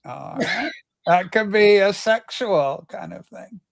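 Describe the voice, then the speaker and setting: High-voiced man bantering on a livestream. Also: expressive, slow, creaky. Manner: exclaims "holy smokes", teasing. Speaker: livestream host. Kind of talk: casual banter.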